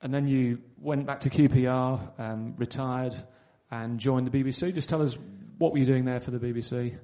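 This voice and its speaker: A man with a mellow, darker voice, interviewing a guest at an event. He keeps his questions short and prompting, leaving the answers to the guest. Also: medium pitch, steady tone, normal speed.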